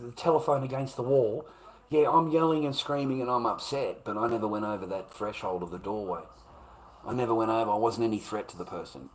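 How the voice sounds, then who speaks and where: A man's voice: mid-range voice, brisk, slight background noise, poor audio. An Australian man ranting casually to a live chat, rambling and repeating himself with heavy swearing. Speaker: livestreamer.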